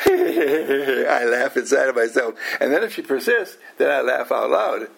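Gravelly older man teaching a small group. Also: mid-range voice, huge pitch swings, unhurried, a bit bright. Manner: questioning, teasing, acts out quoted people. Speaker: household teacher. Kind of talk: informal talk to a small group.

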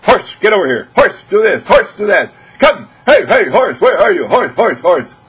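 A man's voice: high-pitched, very animated, normal speed, a bit bright, slightly rough, voice pushed up, heavily acted. A man acting out a bossy, impatient person barking commands at a horse. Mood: shouting, impatient.

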